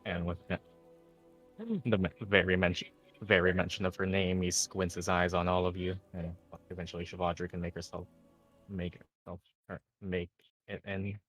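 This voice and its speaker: Deep-voiced man narrating a tabletop game. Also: muffled recording, soft background music. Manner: relaxed, halting narration with fillers. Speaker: game master.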